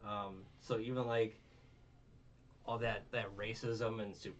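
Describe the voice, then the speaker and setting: A man's voice: lowish voice, little pitch movement, takes it slowly. A young man hosting a casual review podcast, rambling, swearing and retelling scenes. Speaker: podcast host. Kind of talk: casual anime review chat. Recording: distant muffled mic, faint hum.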